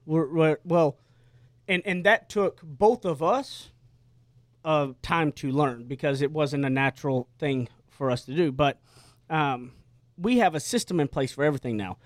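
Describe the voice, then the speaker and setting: A man's voice: fairly high pitch, unhurried, no echo. A man hosting a casual radio talk show, chatty and emphatic in a studio.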